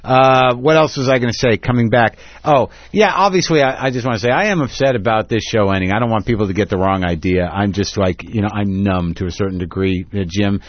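A man's voice: fairly low pitch, a little fast, hardly any pauses, dry recording, highs cut off. A man hosting a radio talk show, rambling in a sarcastic, casual way with lots of restarts.

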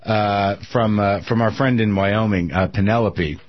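A man's voice: on the low side, steady tone, measured pace. A man hosting a talk radio show, chatting casually and joking with plenty of fillers and restarts. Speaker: radio host. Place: radio studio. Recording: dull lo-fi radio broadcast.

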